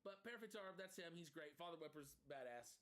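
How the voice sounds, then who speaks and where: A man's voice: fairly high pitch, a little fast. A young man co-hosting a casual chat, animatedly retelling a story with laughs. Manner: animated retelling with put-on quoted voices and laughs. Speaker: podcast co-host.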